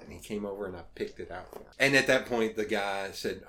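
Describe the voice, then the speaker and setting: A man's voice: deep voice, fast talker, fairly bright tone, slight background noise. A man telling casual stories as a podcast guest, acting out the voices he quotes and swearing freely. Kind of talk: casual storytelling.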